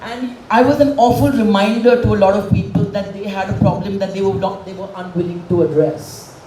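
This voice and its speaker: A woman's voice: mid-range voice, steady tone, fairly quick, dark tone, distant mic, slight background noise. Frank woman speaking in an echoey hall. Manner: candid, frank and emotional. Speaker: speaker at a public event. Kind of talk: emotional personal speech. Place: event hall with a stage.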